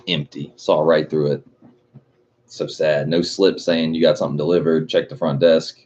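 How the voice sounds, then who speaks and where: A man's voice: low-pitched, fairly even intonation, moderate pace, a little mellow. A man hosting a livestream, chatting casually with lots of swearing and a loose, rambling manner. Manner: rambling, swears constantly, chuckles often. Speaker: livestream host. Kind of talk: casual profane livestream chat. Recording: dull lo-fi stream audio.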